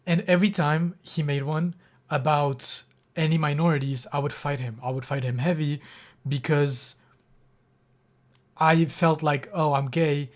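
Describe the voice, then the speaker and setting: A man's voice: fairly high pitch, steady tone, a little slow, long pauses. A young man streaming live, telling a personal story in a rambling, emotional way with many fillers and restarts, close to tears. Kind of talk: casual livestream storytelling.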